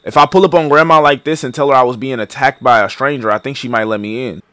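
A man's voice: medium pitch, fairly even intonation, fast, a bit bright, no room sound. A young man giving casual, joking gameplay commentary, profane and improvising lines. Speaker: gaming streamer.

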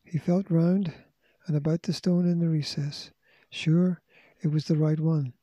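Storybook narrator, man, steady and measured, dark breathy tone, slightly high. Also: no echo. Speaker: audiobook reader.

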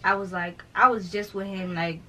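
A woman's voice: medium pitch, steady tone, normal speed, pushed and bright, poor audio. A young woman talking casually in an interview, telling a personal story and quoting others, with many fillers. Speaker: vlogger telling her story.

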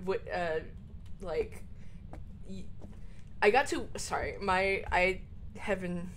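A woman streamer chatting casually while gaming, a little tipsy, rambling with lots of halting fillers. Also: on the low side, fairly bright tone, a little hiss or hum.

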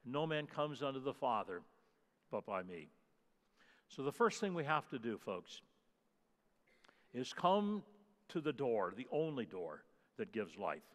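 A male pastor delivers a sermon in a church sanctuary, leaning hard on single words and repeating key phrases. His voice sits at an ordinary middle pitch for a man. A long, ringing hall reverb trails behind every line. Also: sing-song, unhurried, pauses often.

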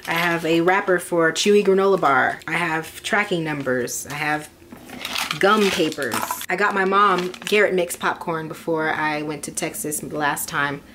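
Chatty young woman vlogger, low voice. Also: moderate pace, noisy background. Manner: chatty and rambling, lots of fillers. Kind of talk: casual chat.

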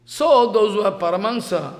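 A man telling a devotional story as a sermon, halting and repeating phrases. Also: high voice. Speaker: preacher. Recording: echoey hall with long reverb.

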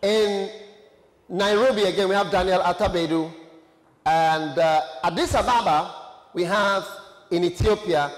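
A man preaching a sermon, reading out names and places with chatty asides. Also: a little high. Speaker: pastor. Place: large church hall. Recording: echoey church hall reverb.

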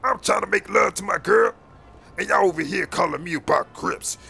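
Man doing a gravelly irritated gang leader. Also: high voice, moderate pace, bright, forceful tone, soft background music, heavily acted. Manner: annoyed, confrontational street talk. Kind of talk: game role-play voice.

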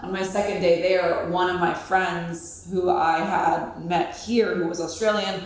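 A young woman from California chatting as a podcast guest, animated and full of "like," acting out her own quotes. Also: lowish voice, measured pace. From California, USA. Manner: animated, quotes herself, frequent "like". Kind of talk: casual podcast chat. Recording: echoey room.

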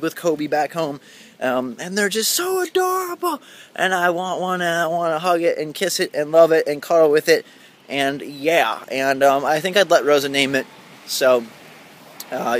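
A man in his twenties from Indiana, with a fairly high-pitched, fairly bright voice, rambles cheerfully in a casual vlog. He's filming outdoors at night with a handheld camera.

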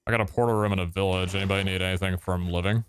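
A man's voice: low voice, steady tone, very fast, slight background noise. A man chatting casually and joking while playing a game with friends. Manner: laid-back, joking. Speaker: gaming youtuber. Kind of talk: casual gameplay chat.

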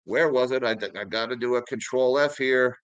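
A man's voice: mid-range voice, moderate pace, fairly bright tone, smooth, no echo, highs cut off. A man hosting a finance video, casually talking viewers through charts and news articles and calling them guys. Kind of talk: casual market commentary.

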